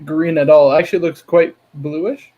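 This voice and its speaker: A man's voice: fairly high pitch, fairly even intonation, moderate pace, lo-fi sound. A man in casual chat, informative and matter-of-fact.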